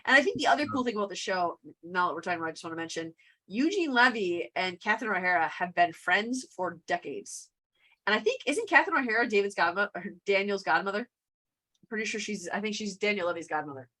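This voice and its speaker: A woman co-hosting a podcast in casual chat, chatty and quick to laugh. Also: mid-range voice, animated, pushed and bright. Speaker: podcast co-host. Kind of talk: casual chat about a TV comedy.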